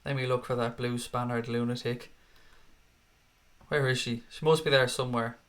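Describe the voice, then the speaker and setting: A man's voice: medium pitch, steady tone, fairly bright tone. A middle-aged man, hosting a casual live stream, reading viewer comments and ranting with plenty of swearing. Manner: sweary, quick to rant in mock outrage. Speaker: host.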